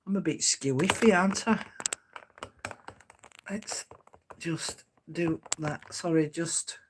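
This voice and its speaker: A woman with a lowish voice takes her time hosting a crafting livestream, with background noise audible. She keeps things homely and chatty, greeting viewers by name and reading out their comments with a chuckle.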